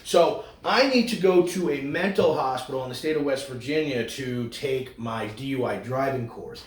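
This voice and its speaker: A man co-hosting a podcast, swearing a lot and slipping into loud mocking impressions. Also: mid-range voice, normal speed, roomy sound. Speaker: podcast co-host. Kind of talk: crude casual banter.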